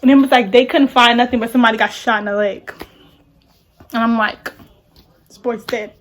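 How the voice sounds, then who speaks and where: A young adult woman telling a story on her vlog in casual chat, animated and slangy, full of "like"s. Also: a little high, fairly quick. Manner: animated, talks with many "like"s and slang. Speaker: vlogger.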